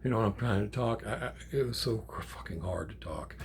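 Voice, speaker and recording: An older man, a grandfather, telling a story in a casual, animated way, with swearing and acted-out quotes. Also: fairly low pitch, fairly quick, a little hiss or hum. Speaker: channel host.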